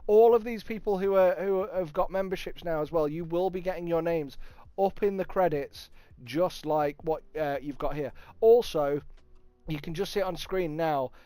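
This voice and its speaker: A man with a Nottingham accent hosting a casual livestream, chatting, swearing freely and thanking viewers with bursts of excitement. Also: on the high side, moderate pace, clean tone, dry recording. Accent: Nottingham English. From England. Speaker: livestream host. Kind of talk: casual livestream chat reading viewer comments.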